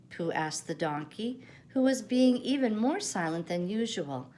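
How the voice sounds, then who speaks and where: An older woman, a grandmother, reading a children's storybook aloud with gentle, expressive delivery. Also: medium pitch, a little slow. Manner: gentle expressive read-aloud, varied intonation.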